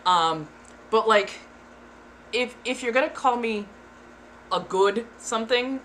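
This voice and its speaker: A woman's voice: on the high side, takes it slowly, a bit bright, slight background noise. A woman streamer chatting casually, frank and giggly, sometimes putting on playful voices. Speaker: ASMR streamer. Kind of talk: casual chat.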